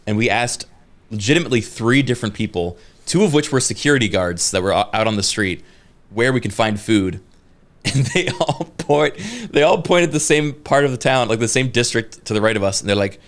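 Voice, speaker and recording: A man's voice: medium pitch, lively intonation, brisk. A man in his thirties co-hosting a podcast, telling a story casually with many fillers and restarts. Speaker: podcast co-host. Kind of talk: casual chat.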